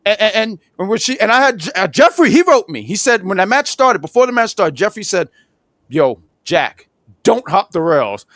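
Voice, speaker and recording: This man's voice is high-pitched and quick, with hardly any pauses, recorded in a clean studio with no echo. He's in his thirties, co-hosting a casual wrestling review podcast. He tells animated, rambling stories and laughs along the way.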